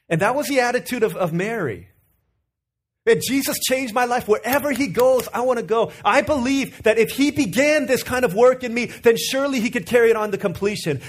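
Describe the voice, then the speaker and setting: A man preaching a sermon as pastor, telling a story and asking his listeners questions. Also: very high-pitched. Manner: storytelling, animated, asks the audience.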